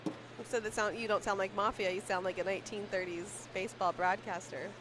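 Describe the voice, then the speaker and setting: A woman's voice: medium pitch, steady tone, brisk. Woman calling plays over background noise. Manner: playful, laughs often between calls. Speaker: play-by-play commentator. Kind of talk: casual sports commentary. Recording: noisy event recording.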